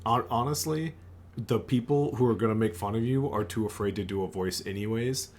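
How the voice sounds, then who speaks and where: A man with a low voice chats on a casual podcast. He gives advice in an easygoing, encouraging way. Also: brisk, a little mellow. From West Coast of the United States. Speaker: game master on a podcast.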